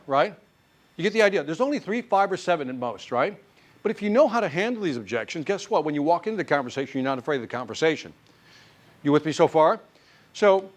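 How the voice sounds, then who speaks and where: This fairly high-pitched man brings lively energy to a live sales class he's teaching, where audience questions come up a lot. He's an animated sales trainer who keeps firing quick quiz questions at the room.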